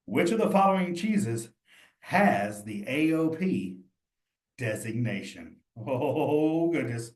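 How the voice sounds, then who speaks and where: A man's voice: medium pitch, big pitch swings, slow. Chatty man teaching in an echoey room. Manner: chatty, addresses students directly, thinks aloud. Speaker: cheese instructor. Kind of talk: live online study session. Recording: roomy echo.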